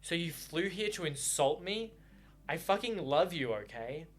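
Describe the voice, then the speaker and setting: A man's voice: mid-range voice, normal speed, fairly bright tone, natural voice. A man reading aloud as a hot-tempered young man who blurts out his love through frustrated swearing. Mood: pleading anger.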